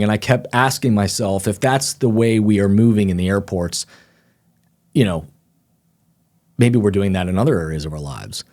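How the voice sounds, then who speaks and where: Middle-aged male author guest, lower register, lively storyteller who mimics the people he quotes. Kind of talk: casual interview storytelling.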